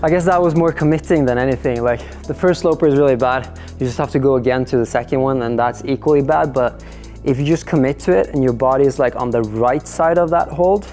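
A man's voice: mid-range voice, brisk, darkish tone. Winded guy puffing and chatting in a climbing gym, clip mic, little bit of music in the back. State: out of breath. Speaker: climber filming himself. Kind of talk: casual on-the-spot commentary. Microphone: clip-on microphone worn on the body.

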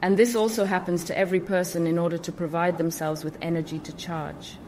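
A woman's voice: fairly low pitch, level tone, fairly quick, a little mellow, soft background music. Emphatic woman explaining in casual talk. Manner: emphatic, repeats for stress, awkward phrasing. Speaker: spiritual channel host.

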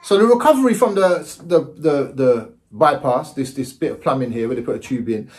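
A man in his forties tells his story straight to camera in a loose, chatty way, his pitch leaping up and down. He sits in the middle range for a man and keeps asking whether you follow him. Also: fairly quick. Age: 40s. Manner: animated, jumps into high exclaiming voices; repeats words and checks in with the listener. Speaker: vlogger.

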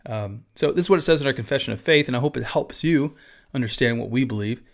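Man, pastor, casual podcast teaching, conversational asides, middle pitch. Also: quick pace, gravelly.

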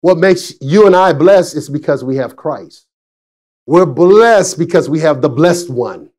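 A man in his forties, a pastor preaching a sermon, telling stories with frequent laughs and swinging between excited and hushed delivery. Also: on the high side, measured pace. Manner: chatty storytelling with frequent laughs. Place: church service.

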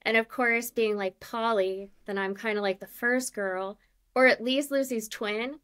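A woman's voice: on the high side, fairly even intonation, measured pace, fairly bright tone, smooth. A woman in her forties with a Minnesota accent, chatting as an interview guest in a self-deprecating way with many fillers. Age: 40s. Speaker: guest, candle maker. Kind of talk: casual interview.

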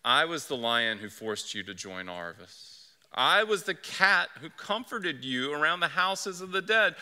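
A man's voice: on the high side, very animated, unhurried, bright, forceful tone, smooth, in a large hall, full character voice. Aslan, a man voicing a solemn great lion. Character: great wise lion, calm and commanding.

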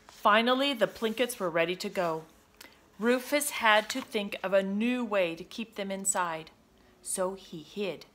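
A woman reading a children's picture book aloud in an expressive, sing-song manner. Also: mid-range voice, measured pace, a little hiss or hum. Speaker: storybook reader. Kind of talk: children's read-aloud narration.

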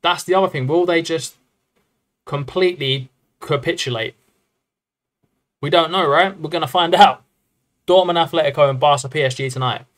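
Chatty, excitable male game streamer. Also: fairly high pitch. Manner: chatty, rambling and excitable, often addressing the chat as lads. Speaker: streamer playing a football management game. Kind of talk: casual live-stream commentary.

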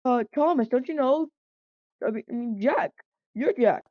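A woman's voice: high-pitched, lively intonation, a little slow, no room sound. A woman voicing a timid, dim-witted small male train engine who hesitates and stammers, in a fan-made cartoon. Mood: confused. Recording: dull lo-fi dry recording.

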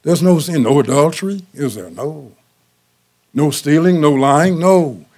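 A man's voice: a little high, lively intonation, unhurried, darkish tone. An older man preaching a sermon, telling folksy everyday stories and repeating key phrases for emphasis. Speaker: pastor.

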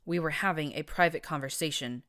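A woman's voice: sits low, fairly quick, fairly bright tone. A woman voicing a prim, sullen female pony schoolteacher with a stiff, disapproving manner.

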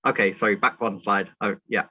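A man's voice: fairly low pitch, steady tone, a little fast, pushed and bright, husky, dry recording. A man from the UK giving a polite, formal conference talk over a remote link. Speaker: guest speaker. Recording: dry lo-fi call audio.

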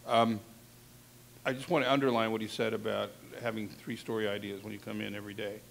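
A man's voice: fairly low pitch, flat delivery, brisk, creaky, a little hiss or hum. A man coaching a class on reporting, speaking candidly and conversationally in a classroom session. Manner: candid, conversational, frank asides. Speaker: talent coach. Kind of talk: instructive classroom talk.

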